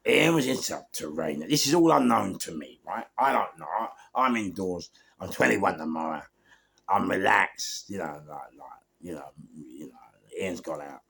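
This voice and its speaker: A man's voice: sits low, expressive, moderate pace, vocal fry, fairly bright tone, slightly rough. A man with a London accent telling stories casually, with street slang, swearing, and frequent "yeah?" check-ins. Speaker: storyteller guest. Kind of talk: casual storytelling.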